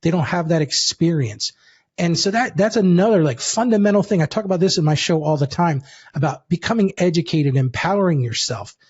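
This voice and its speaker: A man telling a personal story in a lively, casual way as a guest, calling the listener "dude". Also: on the high side, fairly quick, husky, lo-fi sound. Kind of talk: animated storytelling.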